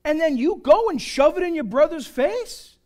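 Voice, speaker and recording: A man's voice: extremely high pitch, animated, moderate pace, voice pushed up. A man voicing the Apostle Paul as an exasperated Italian, scolding in a put-on Italian accent. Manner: loud, scolding, incredulous.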